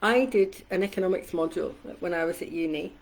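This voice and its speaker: A middle-aged woman, a community coach, talks briskly with vocal fry in a casual live stream, heard through a low-quality recording. She's candid and conversational, swears casually, and acts out quoted voices by shifting her pitch and loudness.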